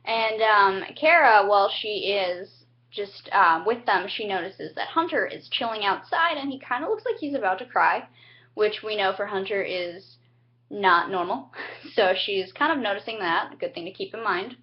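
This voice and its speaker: A young woman giving a chatty, casual recap of a TV episode, acting out the characters' lines with sudden high-pitched jumps. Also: moderate pace. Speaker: TV recap vlogger. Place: home, indoors. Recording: dull lo-fi home webcam audio.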